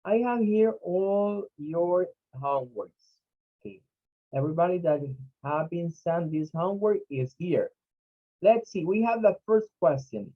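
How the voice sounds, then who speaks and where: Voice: mid-range voice, expressive, lo-fi sound. Insegnante che ripete lentamente i suoni. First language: Spanish. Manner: repeats sounds and words slowly, drilling pronunciation. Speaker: English teacher. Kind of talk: online pronunciation lesson.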